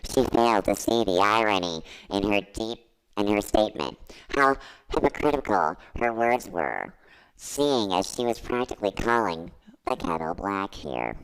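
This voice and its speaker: A man's voice: fairly low pitch, lively intonation, unhurried, a bit bright, smooth, low-quality recording. A man giving a comedic dramatic reading, mock-earnest with wry asides. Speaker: guest reader.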